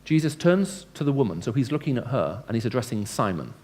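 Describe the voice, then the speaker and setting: A man's voice: medium pitch, very animated, fast, darkish tone. A man giving a lecture-style evangelistic talk to a live audience, speaking conversationally and asking his listeners questions. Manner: acts out dialogue with changing tone. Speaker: Christian speaker.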